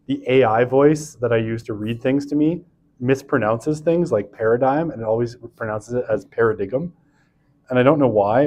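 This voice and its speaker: Male university lecturer, mid-pitched, chatty recorded lecture, keeps asking "right?", drifts into asides. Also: a little mellow. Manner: casual and chatty, tags sentences with "right?"; self-interrupting, with asides and restarts.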